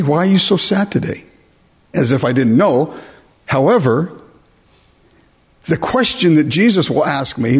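A male preacher with a somewhat high, husky voice delivers a sermon. He works through scripture and keeps asking his listeners rhetorical questions. The recording is dull and lo-fi. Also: a little mellow.

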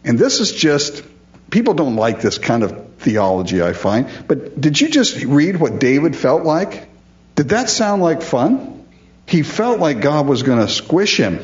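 A middle-aged man preaching a sermon, animated and chuckling often as he acts out the psalmist's words. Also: fairly high pitch, a little slow. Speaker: pastor. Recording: dull lo-fi sound.

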